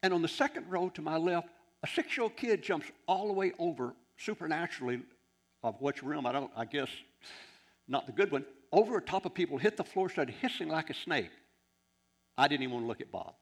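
Gravelly guy in his 60s preaching, rambling stories, lots of restarts. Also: fairly high pitch, a little fast. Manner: animated, rambling, with many restarts. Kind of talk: anecdotal sermon storytelling.

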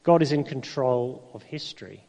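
A middle-aged man from Ireland, preaching a sermon in a conversational way, with rhetorical questions and dramatic pauses. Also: mid-range voice, animated, mellow, highs cut off. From Northern Ireland. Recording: long hall reverb.

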